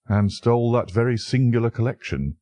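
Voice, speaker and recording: A man's voice: mid-range voice, expressive, a little fast, warm tone, no room sound, pitched above the performer's own voice, close to an everyday voice. A man voicing a shrewd male detective who speaks thoughtfully. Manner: thoughtful, probing.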